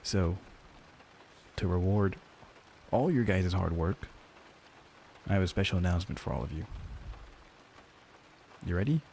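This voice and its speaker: A man voicing an upbeat male sales manager in an ASMR role-play, giving a cheerful corporate pep talk in a kept-low voice. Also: measured pace, creaky, pauses often, darkish tone, slight background noise.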